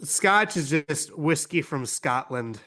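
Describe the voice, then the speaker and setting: A man's voice: a little high, lively intonation, takes it slowly, pushed and bright. A young man co-hosting a casual podcast, laid-back and laughing often. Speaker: podcast co-host. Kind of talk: casual profane podcast chat.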